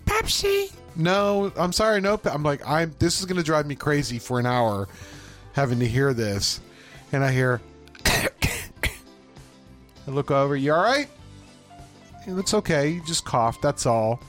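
Speaking a little slowly with long pauses, a man with a slightly high voice co-hosts a podcast and tells a work story in casual chat. He animatedly performs the voices of the people he quotes while faint music plays behind him.

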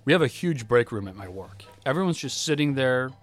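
A man co-hosting a podcast, telling stories in a casual, animated, profane way. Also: mid-range voice, a little fast, faint music behind. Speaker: podcast co-host. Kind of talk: casual chat.

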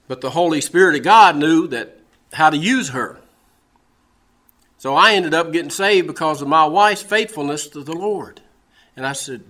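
A male preacher delivers a sermon through a folksy personal story, with a bright, forceful voice. He has a Southern American accent and keeps doubling back on his words before pressing on. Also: on the high side. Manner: folksy storytelling, repeats words, laughs at own jokes.

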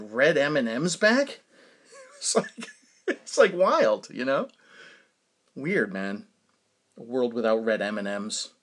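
A man in his forties hosting his own podcast, telling rambling stories in a casual monologue with lots of fillers and laughs. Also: mid-range voice. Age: 40s. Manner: rambling, animated storytelling with frequent fillers and laughs. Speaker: podcast host.

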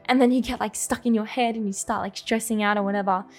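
A woman's voice: mid-range voice, steady tone, fast. A young woman, co-hosting a casual faith podcast, talking earnestly and heartfelt with lots of "like" and "you know". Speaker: podcast co-host.

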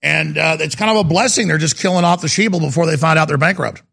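A man hosting a call-in radio show, talking in a forceful, emphatic way and agreeing loudly with callers. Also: on the high side, quick pace. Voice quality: gravelly, raspy. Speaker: radio talk show host.

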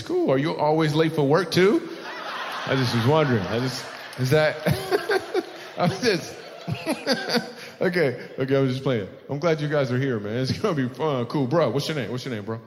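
Playful stand-up comic in a reverberant hall. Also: male voice, mid-range voice, expressive, normal speed, slight background noise. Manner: teasing, playful, laughs often. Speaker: stand-up comedian. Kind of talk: crowd work on stage. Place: live comedy venue.

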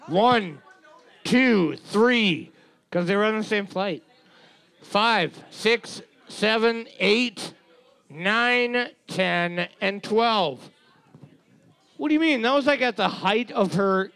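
Male co-host, high-pitched, slow, gravelly, crude deadpan humor. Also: dry recording. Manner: crude, joking, deadpan asides. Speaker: podcast co-host. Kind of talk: casual comedic chat.

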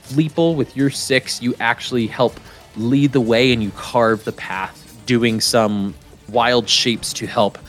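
A man's voice: mid-range voice, steady tone, slow pace, a bit bright, faint music behind. A man narrating a tabletop game as game master, casual with many fillers.

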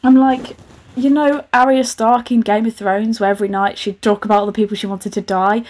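A woman's voice: medium pitch, steady tone, brisk, a little mellow. Chatty, sarcastic young woman. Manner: chatty, rambling, sarcastic, lots of laughing asides. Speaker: podcast host. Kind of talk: casual comedic reading commentary.

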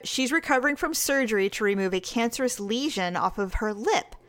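Sarcastic gossip co-host, female, smooth-voiced, dry close sound. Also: on the high side, a little fast, no echo. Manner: chatty, sarcastic, animated storytelling. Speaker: podcast co-host. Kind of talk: casual celebrity gossip chat.

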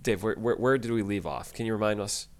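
A man's voice: on the low side, brisk. A man co-hosting a podcast, chatting casually and laughing easily, with frequent restarts. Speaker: podcast co-host. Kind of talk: casual chat.

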